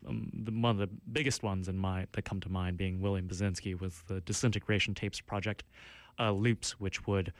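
Rambling low-voiced radio host. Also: male voice, no echo. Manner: rambling, self-deprecating, many fillers and restarts. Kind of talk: casual radio show chat. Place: radio studio. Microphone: studio mic.

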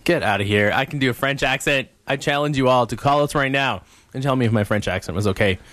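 A man's voice: medium pitch, a bit bright, no echo. A man co-hosting a radio show in the studio, joking and teasing his co-hosts in casual banter. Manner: playful, jokey, quick to tease.

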